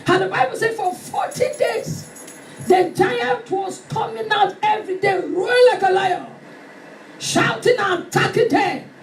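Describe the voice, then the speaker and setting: A woman preacher delivering a fervent sermon, shouting and acting out stories. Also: very high voice, a little hiss or hum. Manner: fervent, shouting, dramatic retelling. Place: church hall. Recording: echoey hall from far off with music.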